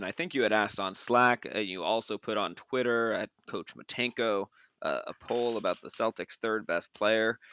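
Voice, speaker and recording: A man's voice: lowish voice, pushed and bright, clear, resonant tone. A man appearing as a guest on a sports podcast, friendly and a bit hesitant, with frequent fillers. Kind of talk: casual sports podcast chat.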